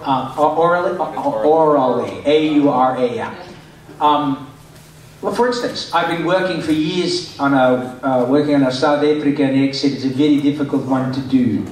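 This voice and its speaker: A middle-aged man from Michigan, USA, with a mid-range voice at normal speed, is a voice actor chatting and joking with fans during a convention panel Q&A. He's in a large convention hall, and the recording is echoey, picked up from a distance.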